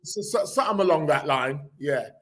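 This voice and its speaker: A man's voice: a little high, lively intonation, moderate pace, very noisy. A man hosting a podcast, reading out the news in a rambling, sarcastic way, with lots of fillers and restarts. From England. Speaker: podcast host. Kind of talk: casual live chat reading news.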